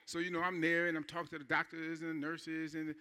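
High, bright-toned conversational preacher man. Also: level tone, fast, smooth. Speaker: pastor. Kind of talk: sermon.

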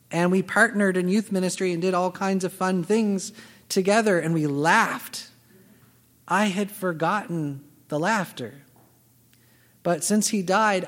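A man preaching a sermon as pastor, telling a personal story and acting out the dialogue. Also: high voice. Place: church sanctuary. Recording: long reverb of a large hall.

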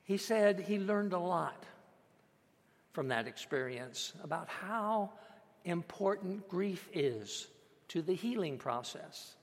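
A man preaching a sermon as a pastor, measured and emphatic, with dramatic pauses. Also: high voice, animated. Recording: long hall reverb.

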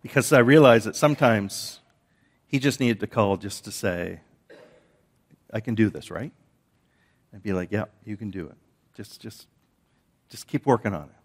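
Male pastor, lowish voice, conversational sermon storytelling, repeats and restarts words. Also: moderate pace, long pauses.

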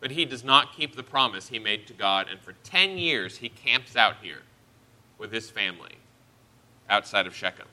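A man's voice: mid-range voice, sharp tone. A man preaching a sermon, teaching through a Bible passage verse by verse with earnest emphasis.

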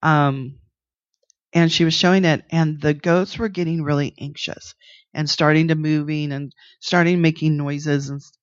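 A man's voice: on the high side, steady tone, moderate pace, clean tone, no echo. A man preaching a sermon in a conversational storytelling way, often breaking off and restarting mid-sentence. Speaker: pastor. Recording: dull lo-fi dry sound.

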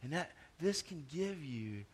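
A male pastor preaches in a somewhat high voice. He drives his points hard, then drops to a low, quiet aside. He repeats words and restarts phrases as he goes. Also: big pitch swings, unhurried, slight background noise. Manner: swings between loud emphatic stretches and quiet low asides. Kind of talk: sermon.

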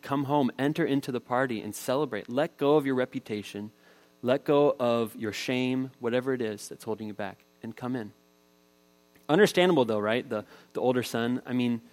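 A man preaching a sermon as a pastor, talking in a relaxed, conversational way and telling everyday stories. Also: mid-range voice, rough recording.

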